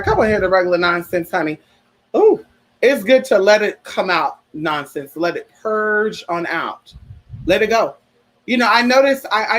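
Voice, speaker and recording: A man with a high, fairly bright voice hosts a casual livestream chat, sassy and talkative, calling his listeners "honey" and "girl." When he talks about grief, he becomes earnest and heartfelt. The audio quality is poor.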